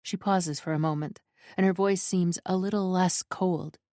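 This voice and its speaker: A woman narrating a first-person romance audiobook with a low voice. Her reading is even and measured, recorded dry and close to the mic. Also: dry recording.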